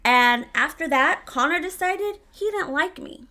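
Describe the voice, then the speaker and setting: A woman's voice: high-pitched, expressive, unhurried, bright, forceful tone. A woman telling a storytime to her vlog audience in a casual, blunt way, swearing freely.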